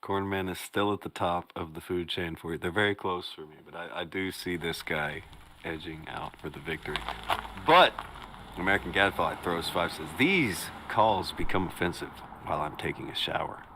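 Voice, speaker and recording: A man's voice: low voice, moderate pace, noisy background. A man hosting a casual live stream, reading donations and joking around as a judge. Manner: animated, laughs often, joking judge. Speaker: show host.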